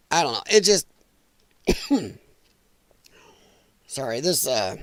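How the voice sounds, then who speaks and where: A man's voice: medium pitch, big pitch swings, very slow, pauses often, fairly bright tone, no room sound. Coughing, exasperated male livestream host. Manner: blunt, exasperated, frequent apologies. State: coughing, irritated throat. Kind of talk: casual political commentary livestream.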